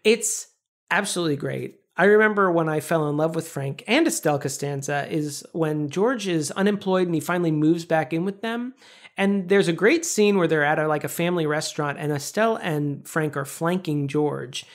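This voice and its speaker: Podcast co-host, animated storyteller, acts out quoted lines, casual chat. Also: mid-range voice, normal speed. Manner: casual swearing.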